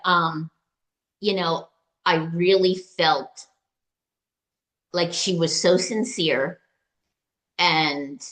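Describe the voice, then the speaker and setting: A woman guest in an interview, telling a personal story in a halting, emotional way, with many fillers and restarts. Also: lowish voice, fairly bright tone. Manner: recounts dialogue in quoted voices. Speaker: retreat client, interview guest.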